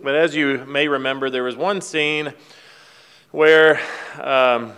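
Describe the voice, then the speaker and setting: A man's voice: mid-range voice, fairly even intonation, takes it slowly, a bit bright, clean tone. A man giving a casual devotional talk, retelling a film scene in a folksy, rambling way with fillers and restarts. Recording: long hall reverb.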